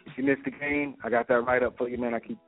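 A man's voice: mid-range voice, little pitch movement. Man reading sports scores over a phone line. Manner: rapid score rundown, peppered with "man". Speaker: sports segment host. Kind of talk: radio sports rundown. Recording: tinny phone-line sound with faint music.

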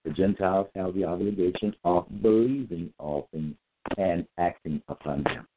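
A man's voice: deep voice, normal speed, noisy background. A man giving a solo lecture, reading out verses, repeating his points and asking listeners whether they got it. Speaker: self-styled preacher. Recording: tinny phone-like audio.

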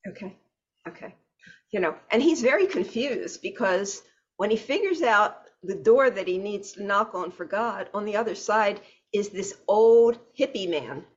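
A woman hosts an interview and keeps her guest going with frequent short replies. Her voice is husky and breathy at a middle pitch. The audio is dull and lo-fi. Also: lively intonation, normal speed. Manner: encouraging, backchannels often. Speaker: interview host.

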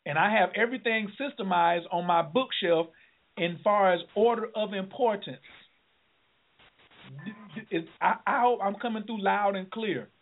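A man hosting a call-in radio show, excitable and preachy, often laughing and shouting. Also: high voice, measured pace. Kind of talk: lively call-in radio talk. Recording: tinny phone line.

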